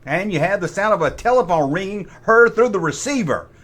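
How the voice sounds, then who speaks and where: A man's voice: sits high, lively intonation, brisk, fairly bright tone. A middle-aged man hosting a comic toy review. He makes sarcastic asides and imitates sound effects with his mouth. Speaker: toy collector host.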